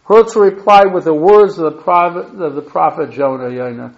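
Reading lengthy passages from a diary during his history lecture, a man with a voice on the high side keeps a moderate pace, often stumbling, restarting, and fixing his own mistakes. The recording is lo-fi and echoey.

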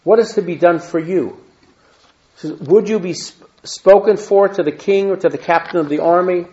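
A man's voice: high voice, normal speed, mellow. Man teaching scripture, lo-fi recording. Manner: reads verses then adds plain asides and Hebrew terms. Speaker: Torah teacher. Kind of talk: reading and explaining scripture. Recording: dull lo-fi recording.

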